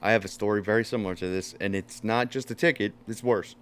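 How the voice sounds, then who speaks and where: A man's voice: fairly low pitch, quick pace, smooth. A man telling a story in casual chat, swearing freely and acting out what people said. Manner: animated storyteller, swears often, acts out quotes loudly. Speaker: podcast host.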